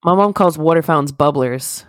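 A woman's voice: sits low, moderate pace, no echo, clean studio sound. A woman co-hosting a podcast in casual chat, teasing and swearing with sass. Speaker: podcast co-host.

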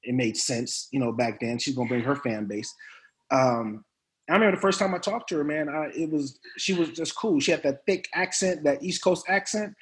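A man, an actor as a guest, telling stories casually in an interview with lively, laughing delivery. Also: on the high side, moderate pace. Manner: animated, laughing storyteller.

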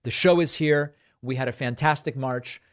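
A man hosts a political talk show with a mid-range voice. He talks in a lively, conversational way, stopping and restarting his sentences as he goes. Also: medium pitch, normal speed. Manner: animated, conversational, with frequent restarts. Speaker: host.

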